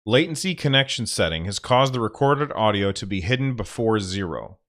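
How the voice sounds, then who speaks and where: Low-voiced man recording podcast sponsor reads. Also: animated, moderate pace, hardly any pauses, fairly bright tone. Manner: offhand, restarts and mutters at tech trouble. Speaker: podcast host.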